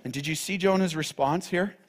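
A man's voice: fairly high pitch, fairly quick. A man preaching a sermon, emphatic and direct with the congregation, repeating key phrases. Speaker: pastor.

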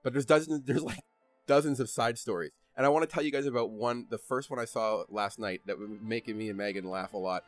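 A man hosting a casual podcast, recounting stories in an animated, rambling way and breaking into laughter as he talks. His voice sits at a medium pitch, with faint music playing underneath. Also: brisk. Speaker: podcast host. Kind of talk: casual chat.

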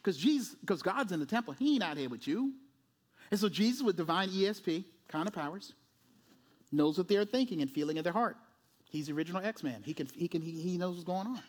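A male pastor preaching a sermon in an animated way, acting out voices and often asking "right?". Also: high-pitched, brisk.

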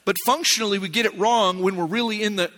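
A middle-aged male pastor from Arizona, preaching a sermon with a personal story, animated and swinging from shouts to hushed lines. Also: sits high, quick pace.

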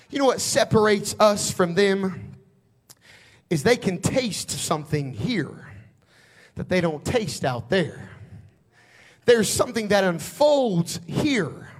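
A preacher with a notably high male voice tells a homespun church story in a conversational drawl. His delivery swings from low, easy storytelling up to fervent, shouting declarations. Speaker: pastor. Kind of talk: storytelling sermon.

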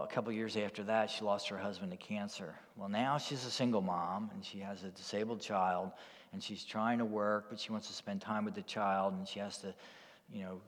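A man's voice: fairly low pitch, in a large hall. A man preaching a sermon as a pastor, telling a story in a conversational way. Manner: storytelling, conversational with "you know" asides. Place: church.

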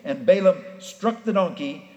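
Brief: male pastor, folksy storyteller, high voice, roomy hall sound. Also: animated, a little slow, a little mellow, dull audio. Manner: folksy storytelling preacher, acts out the characters. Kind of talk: sermon. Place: church sanctuary. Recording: echoey hall.

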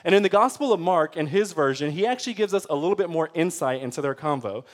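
A man's voice: fairly high pitch, expressive, fast. A man preaching a sermon in a conversational way, often checking in with his listeners and acting out pleading voices. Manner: acts out pleading voices with rising intensity. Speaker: pastor.

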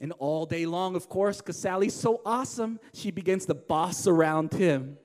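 A man preaching a sermon as pastor, swinging from loud emphatic lines to hushed, quiet ones. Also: high-pitched, normal speed. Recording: long hall reverb.

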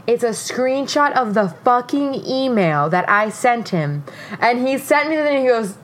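A young woman co-hosting a casual podcast, telling a story in an animated way, with frequent swearing and laughter. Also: high-pitched, brisk, slight background noise. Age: young adult. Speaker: podcast co-host.

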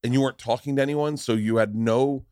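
A man's voice: fast talker, clean tone, no echo, studio quality. A man in his forties hosting a podcast, chatting casually, swearing freely and acting out quotes in a raised voice. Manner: profane, animated, acts out quotes in high voices. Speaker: podcast host, comedian. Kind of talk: casual chat, storytelling.

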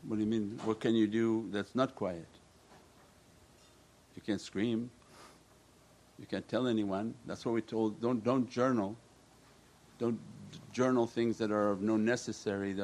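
A man as a religious teacher giving a calm sermon and answering questions, often weaving in Arabic prayer phrases. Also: mid-range voice, measured pace.

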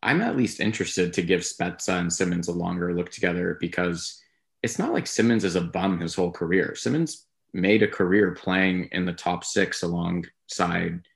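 Low gravelly man chatting casually. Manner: rambling, measured, hedging. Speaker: podcast co-host. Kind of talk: casual sports talk.

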